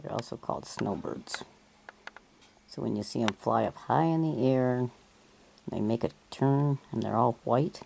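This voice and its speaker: A woman from Northern Michigan with a rough morning voice, chatting casually outdoors and pointing things out to the viewer as she films on a phone. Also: rumbling low, a little slow, dark tone, slight background noise. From Northern Michigan, USA. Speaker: vlogger. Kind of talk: casual handheld vlog narration. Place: outdoors in a yard, wind and trees.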